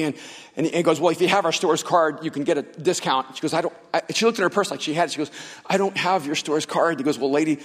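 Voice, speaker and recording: A man preaching a sermon, telling stories with acted-out dialogue and building to loud, fervent passages. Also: fairly high pitch, quick pace, slightly rough. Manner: storytelling with acted-out dialogue, rising to shouts. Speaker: pastor. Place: large church hall. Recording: long hall reverb.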